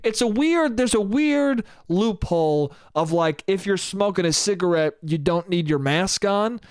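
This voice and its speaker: A young man rants through a casual solo podcast, swearing freely and slipping into the voices of the people in his stories. His voice sits a little high for a man and sounds smooth and clear. The recording is close and dry. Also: animated, measured pace, no room sound. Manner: ranting, swears freely, acts out quoted people mid-story. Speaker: podcast host.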